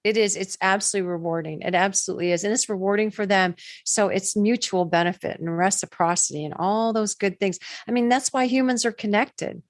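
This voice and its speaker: A woman's voice: mid-range voice, a little fast, few pauses, no room sound. An older woman, a therapist and coach, telling stories in an interview and laughing often. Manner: warm, animated storyteller who laughs often. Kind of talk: conversational interview storytelling.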